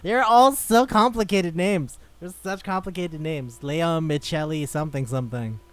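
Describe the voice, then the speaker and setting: A man's voice: on the high side, normal speed. A man co-hosting a podcast in casual chat, rambling, swearing freely and laughing often. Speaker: podcast co-host.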